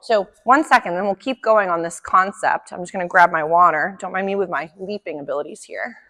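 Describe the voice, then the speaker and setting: A woman's voice: on the low side, a little fast, pushed and bright. Woman dog trainer in an echoey room. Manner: friendly, chatty explaining with praise for the dog. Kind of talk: instructional demonstration.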